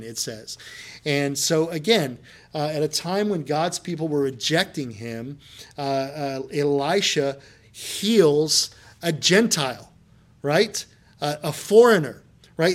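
Male pastor, sermon delivery, conversational retelling that builds to emphatic points, slightly high pitch. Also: a little slow. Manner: conversational storytelling, rising to emphatic preaching.

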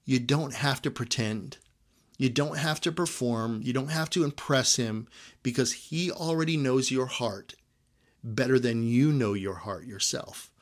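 A male pastor delivering a sermon in a relaxed, conversational way. His pitch sits in an ordinary middle range for a man. He keeps checking in with the congregation with short "right?" asides. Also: a little slow. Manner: conversational preaching with frequent "right?" check-ins.

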